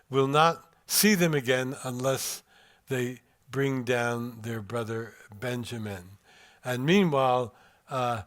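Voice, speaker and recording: An older man giving a lecture to a live audience in a room, reflective and measured, pausing to weigh his words and reading passages aloud. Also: mid-range voice. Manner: measured, reflective, pausing over word rhythm.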